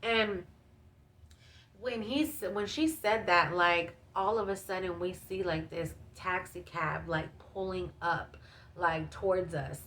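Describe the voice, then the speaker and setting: A woman's voice: lowish voice, takes it slowly, a bit bright, slight background noise. A woman vlogger telling a story in a casual storytime, chatty and full of fillers and asides to her viewers.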